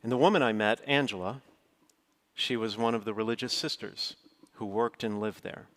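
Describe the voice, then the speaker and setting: A man's voice: on the low side, normal speed, fairly bright tone. Middle-aged guy preaching, earnest storytelling, voice shoots up when he quotes himself. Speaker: pastor. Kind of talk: sermon storytelling.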